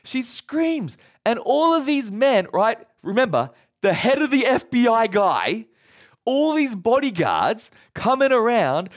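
A man's voice: extremely high pitch, unhurried. A male pastor preaching a sermon, retelling a story and acting out scenes. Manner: animated, acts out scenes.

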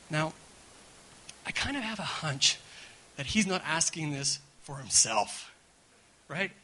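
A man preaching a sermon at a church gathering, talking in an animated way and stumbling over repeated words. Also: a little high, moderate pace, pauses often, slight background noise, rough recording. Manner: animated, repeats words, keeps asking "right?". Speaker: guest pastor.

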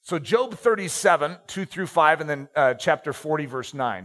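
A middle-aged man delivers a sermon in a somewhat high voice. He reads scripture aloud, leaning on key words and slowing for effect. Between passages he tosses in light asides to the congregation. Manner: expressive, slows and stresses key words, joking asides. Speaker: preacher. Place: church stage, handheld mic.

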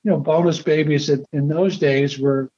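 An older man being interviewed, telling a story in a halting, rambling way with repeated words. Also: on the high side, fairly even intonation, mellow. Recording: dull lo-fi recording.

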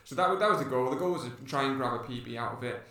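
A man's voice: mid-range voice, rapid-fire, pushed and bright. A man, a podcast co-host and runner, telling a rambling story in casual chat with many restarts. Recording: echoey room, distant mic.

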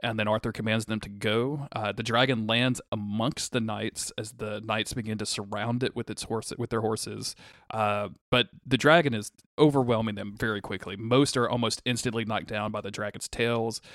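A man co-hosting a podcast, recapping a show in casual chat, excitable and swearing freely with lots of restarts. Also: lowish voice, moderate pace, dry recording, studio quality. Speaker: podcast co-host.

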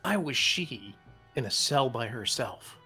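A man voicing a smooth-talking male merchant who delivers a slow, showy sales pitch in a tabletop game. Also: sing-song, pushed and bright, soft background music, heavily acted.

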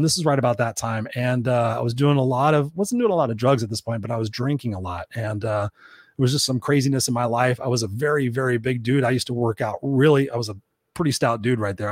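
A man's voice: medium pitch, no room sound, studio quality. A man hosting a solo livestream, telling candid, profane stories with lots of fillers and restarts. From Southern California. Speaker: host. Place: room at home.

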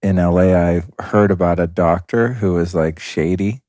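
Male podcast host, very deep voice, relaxed rambling questions, dry sound. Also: normal speed, no echo. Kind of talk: conversational interview.

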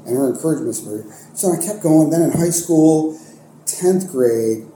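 A young man from Ohio, United States, with a fairly high voice at normal speed, tells stories in a casual podcast interview about his life as an art teacher and coach. Animated and rambling, he uses many fillers, restarts, and self-corrections. The recording has an echoey room and faint noise.

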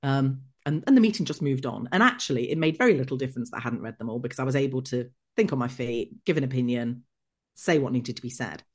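A middle-aged woman, an executive coach telling stories from her career as a podcast guest, animated and quick to act out remembered conversations. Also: extremely low pitch. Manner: lively, acts out remembered dialogue. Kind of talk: podcast interview storytelling.

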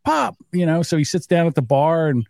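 A man's voice: fairly high pitch, very animated, fairly quick, creaky, darkish tone, no room sound, clean studio sound. A man in his fifties telling family stories in a casual, profane way and acting out the quotes himself. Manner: storytelling, profane, acts out quotes. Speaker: podcast co-host. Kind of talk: casual chat.

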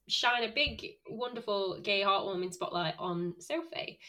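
A woman with a Northern English accent co-hosting a podcast in casual chat, giddy and quick to giggle. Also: fairly low pitch, fairly bright tone, poor audio. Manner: giggly, bubbly, quick to laugh. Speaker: podcast co-host.

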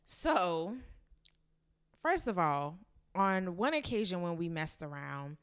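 A woman's voice: lowish voice, sing-song, takes it slowly, smooth. A woman in her twenties, a guest telling a candid story in casual chat, laughing often. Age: 20s.

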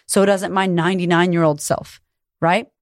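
A woman's voice: lowish voice, steady tone, moderate pace, no echo, clean studio sound. A middle-aged woman coach talking candidly and emphatically about healing, swearing freely. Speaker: coach running women's retreats. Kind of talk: candid motivational talk.

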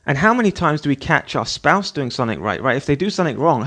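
A man's voice: fairly high pitch, sing-song, fast talker, fairly bright tone. A middle-aged man, the host, giving an earnest motivational talk, repeating his points and now and then acting out what a scolding parent says. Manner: earnest, repetitive, acts out scolding parent voices. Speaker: podcast host. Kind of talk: motivational monologue.

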